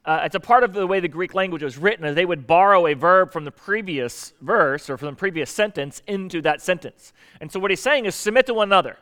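Wry, conversational pastor with a higher voice. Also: male voice. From Southern US. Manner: conversational, wry, jumps between loud emphasis and low asides. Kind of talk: sermon.

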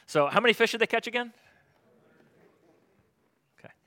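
Middle-aged male pastor, bright forceful tone, lively conversational sermon delivery. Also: extremely high pitch, normal speed. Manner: animated, conversational preaching with rhetorical questions.

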